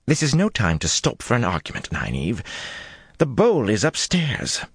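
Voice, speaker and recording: A man's voice: fairly low pitch, huge pitch swings, normal speed, husky, no room sound, studio quality, voice pushed up, full character voice. A man reading an audiobook, voicing an exasperated young noblewoman with an urgent manner.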